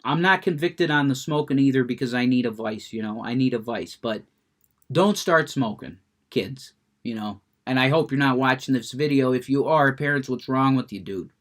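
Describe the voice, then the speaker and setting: At medium pitch and normal speed, an adult male smoker rants profanely, cursing heavily as he gets worked up. Afterward he chats about a video game he's currently playing.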